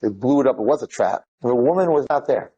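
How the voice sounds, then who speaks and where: A man, retelling stories in an excited, rambling way, mixing in Hebrew and Yiddish words. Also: medium pitch, fast, slightly rough, muffled recording. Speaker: speaker telling inspirational stories. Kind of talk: animated storytelling talk.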